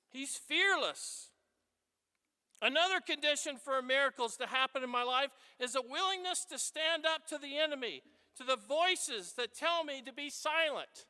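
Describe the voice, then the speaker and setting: Male priest, high bright voice, animated and chatty homily, echoey church. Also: normal speed. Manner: animated, conversational preaching with asides. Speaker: Catholic priest.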